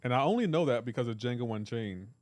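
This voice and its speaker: A male game streamer talking casually with his live chat, quick to joke and tease. His voice sits in a middle range and comes through a dry, close microphone. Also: medium pitch, expressive, a little mellow, no echo. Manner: joking, reads and answers chat aloud.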